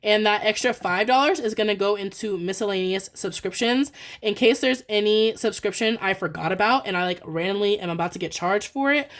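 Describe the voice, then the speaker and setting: A young woman chatting excitedly and quickly through a budgeting vlog, full of fillers and counting out cash. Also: mid-range voice. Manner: fast, excited, rambling with many "like" fillers. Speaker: budgeting vlogger. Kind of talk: casual chatty voice-over while cash stuffing.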